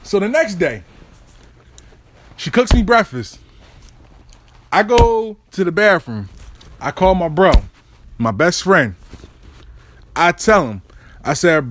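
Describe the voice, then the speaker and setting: A man telling a story in casual storytime style, profane and animated with street slang. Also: high voice, slow pace, long pauses.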